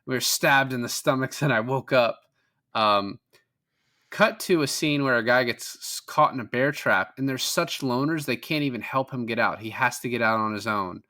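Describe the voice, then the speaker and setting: A man's voice: mid-range voice, moderate pace, pushed and bright. A man co-hosting a podcast, casually recapping a film in a rambling, profane way. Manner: rambling, profane, quotes characters in passing. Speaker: podcast co-host.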